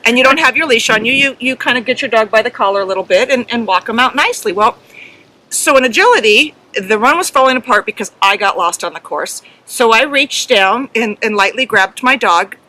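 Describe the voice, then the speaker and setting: A middle-aged woman co-hosting a casual podcast, telling a story earnestly and emotionally, with halting ums. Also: on the high side, animated, pushed and bright, poor audio. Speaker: podcast co-host and herding judge.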